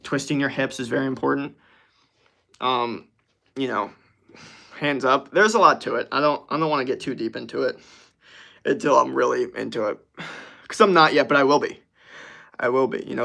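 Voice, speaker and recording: A man's voice: mid-range voice, vocal fry, sharp tone. A young man streaming casually, reading viewer comments aloud in a laid-back way and laughing easily. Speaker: streamer answering chat. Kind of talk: casual livestream chat.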